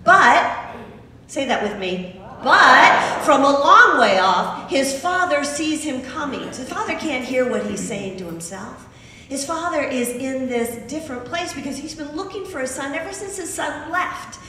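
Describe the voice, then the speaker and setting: A woman preacher giving a sermon, telling a story with emphatic, animated asides. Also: high voice, moderate pace, recorded from a distance. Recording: echoey hall recorded from afar.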